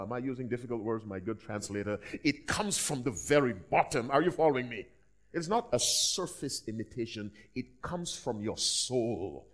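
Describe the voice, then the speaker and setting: A man preaching, answering audience questions and leading a prayer in an emphatic, measured manner with dramatic pauses. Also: medium pitch, expressive. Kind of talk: sermon Q&A and prayer.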